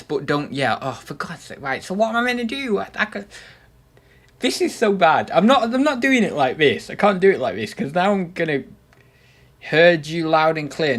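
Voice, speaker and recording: A man hosts a casual livestream from his room at home. He rambles and pokes fun at himself, and his voice sits a touch high for a man. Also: a bit bright. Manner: chatty, self-mocking, rambling. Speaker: livestream host. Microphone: desktop microphone.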